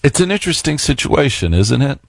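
A man's voice: mid-range voice, big pitch swings, fairly quick, creaky, no room sound, clean studio sound. A man hosting a radio talk show, telling a story and asking listeners rhetorical questions. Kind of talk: radio monologue.

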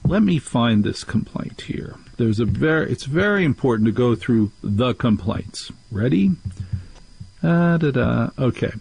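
Man, radio host, husky voice, animated storyteller, does the voices of people he quotes. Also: medium pitch, measured pace, dry recording, low-quality recording. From New Jersey. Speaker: radio talk show host. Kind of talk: talk radio monologue.

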